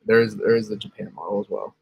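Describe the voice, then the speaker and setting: The recording is lo-fi with slight background noise, and the man's lowish, gravelly voice comes fast. Hosting a relaxed weather livestream, he meanders through model maps, regularly correcting himself and responding to chat.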